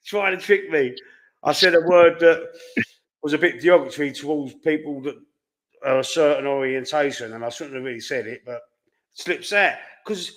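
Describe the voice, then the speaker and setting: A man's voice: on the high side, normal speed, fairly bright tone. A man with a Cockney accent hosting a casual live-stream chat, telling rambling anecdotes and quoting his own back-and-forth exchanges. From London. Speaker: host.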